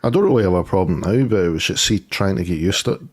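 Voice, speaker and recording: A man co-hosting a casual live-stream chat, talking in a relaxed, drawn-out way and laughing easily. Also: low-pitched, breathy edge, no echo, studio quality. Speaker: co-host.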